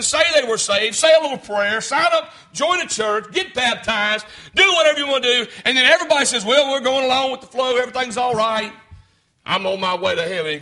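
High bright-voiced fervent Southern preacher man. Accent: Southern US rural. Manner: fervent preaching, rising to shouts. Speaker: pastor. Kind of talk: sermon. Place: church sanctuary.

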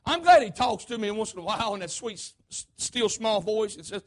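A preacher with a strikingly high voice delivers a fervent sermon. He repeats his phrases, calls out to the church for responses, and leaps from shouted lines down to soft, hushed asides. His melody rises and falls constantly. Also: animated, brisk. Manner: emphatic, repetitive, call-and-response.

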